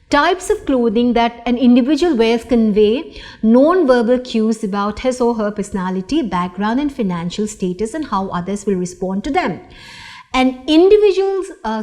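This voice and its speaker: A middle-aged woman lecturing in a slightly high voice. She speaks slowly and deliberately, stopping often for fillers and restarting her sentences. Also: a little mellow. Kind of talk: recorded lecture.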